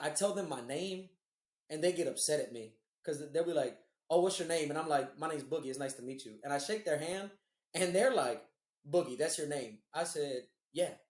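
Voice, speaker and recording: A man's voice: a little high, lively intonation, a little fast, echoey room. A man co-hosting a podcast, telling rambling, profane stories in casual chat. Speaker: podcast co-host.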